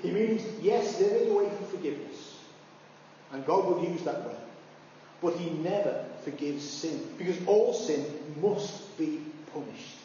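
Male preacher, mellow high voice, far from the mic in a roomy hall with a dull, lo-fi sound. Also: slight background noise. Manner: animated storytelling, rising high when acting out voices. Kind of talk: sermon.

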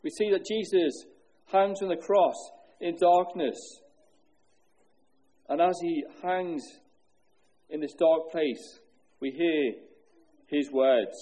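With a warm tone, a pastor delivers a sincere sermon, asking rhetorical questions and slowing down and dropping his voice on solemn words.

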